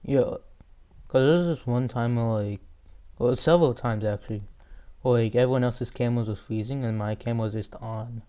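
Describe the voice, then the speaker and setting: Teenage boy host, mellow and smooth. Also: mid-range voice, fairly quick. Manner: rambling, lots of fillers. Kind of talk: casual interview.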